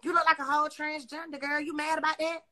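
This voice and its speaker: A woman's voice: sits high, level tone, quick pace, pushed and bright. A woman hosting a phone livestream, talking casually in a brash, profane, mocking way. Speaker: Instagram live host.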